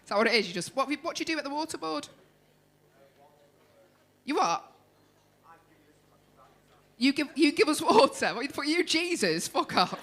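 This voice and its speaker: Brash high-voiced Liverpool woman compering. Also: very animated, normal speed, pauses often, fairly bright tone. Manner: brash, sweary banter with the crowd. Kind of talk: stand-up compering. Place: comedy club stage.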